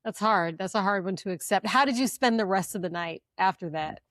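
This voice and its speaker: A woman's voice: mid-range voice, brisk, fairly bright tone. A woman co-hosting a casual chat, reacting to a story with exclamations and laughter. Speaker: podcast co-host.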